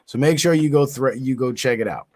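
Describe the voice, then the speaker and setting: A man's voice: medium pitch, fairly quick, a little mellow. A man hosting his own channel, reading news reports aloud, stumbling over words and breaking off with indignant comments of his own. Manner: stumbles and restarts words while reading, adds indignant asides. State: yawning, tired. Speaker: channel host.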